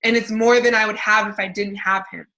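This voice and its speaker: A woman's voice: mid-range voice, flat delivery, a little fast, pushed and bright, rough recording. A woman in her thirties giving a casual motivational talk as a life coach, chatty with many fillers and restarts.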